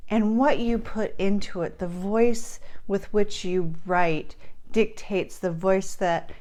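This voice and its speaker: Woman, casual vlog talk, earnest, chatty, mid pitch, fillers and restarts. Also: steady tone, slow pace, a little mellow. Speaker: book writing coach.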